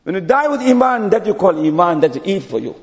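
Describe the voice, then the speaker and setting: A man giving a sermon as an imam, telling stories and dropping to low quiet tones at phrase ends. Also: sing-song, brisk, big-room sound, highs cut off.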